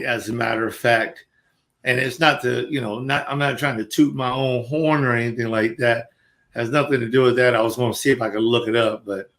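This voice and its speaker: A man co-hosting a casual talk show, telling an animated story and reading messages aloud. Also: medium pitch. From Florida. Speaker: co-host.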